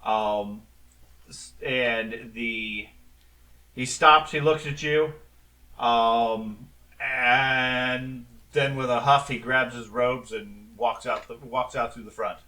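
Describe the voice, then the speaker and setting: Bright-voiced man running a tabletop game. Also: medium pitch, takes it slowly, far from the mic, rough recording. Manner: relaxed, with frequent ums and restarts. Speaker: game master.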